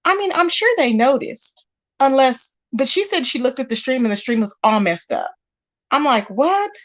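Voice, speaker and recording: A woman's voice: sits high, moderate pace, a bit bright, no echo. A woman hosting a casual livestream, chatting and greeting viewers by name with pet names. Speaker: livestream host. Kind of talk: casual reaction chat.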